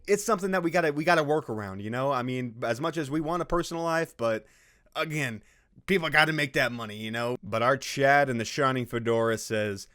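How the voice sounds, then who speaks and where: A man's voice: medium pitch, brisk, a bit bright. A man giving casual, sarcastic commentary on a post he is reading, swearing freely and laughing at his own jokes. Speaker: video host reacting to a social media post.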